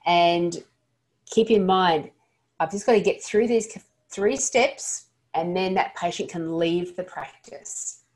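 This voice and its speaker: A woman's voice: on the low side, slow pace, darkish tone. Earnest woman coaching dental staff. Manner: earnest, practical, with frequent restarts. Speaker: dental practice trainer. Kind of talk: instructional talk to dental staff.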